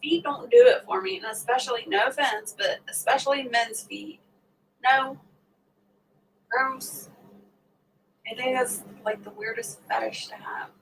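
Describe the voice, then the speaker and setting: A woman's voice: fairly high pitch, measured pace, long pauses. Give me a laughing, chatty woman hosting a livestream, recorded a little far from the mic. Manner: chatty and laughing, acts out quoted talk. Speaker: livestream host. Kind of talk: casual livestream chat with viewers. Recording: voice a bit distant from the mic, faint background noise.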